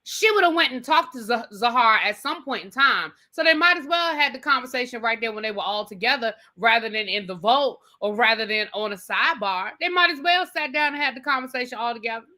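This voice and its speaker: Bright-voiced, opinionated woman co-host. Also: a little high, lively intonation, fairly quick, few pauses. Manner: opinionated, emphatic, addresses people directly. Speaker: podcast co-host. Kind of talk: casual recap chat.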